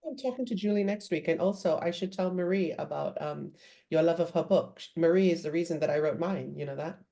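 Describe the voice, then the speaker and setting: A woman's voice: fairly low pitch, a little fast, gravelly, warm tone. A woman hosts a conversation with an author and reads out questions from the audience. She sounds bubbly and enthusiastic throughout. She is heard over a video call. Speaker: interviewer and moderator.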